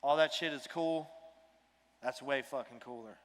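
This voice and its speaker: A man's voice: mid-range voice, normal speed, heavy background noise. A man giving a motivational talk on stage, emphatic and blunt, sometimes swearing and getting emotional. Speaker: keynote speaker. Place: large hall on stage. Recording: long hall reverb, music behind.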